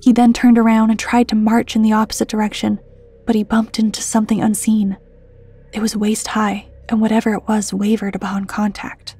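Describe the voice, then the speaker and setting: A woman reading a scripted horror story in a hushed voice that keeps slipping into whispers. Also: medium pitch, completely flat delivery, brisk, husky. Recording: dry close mic with soft music underneath.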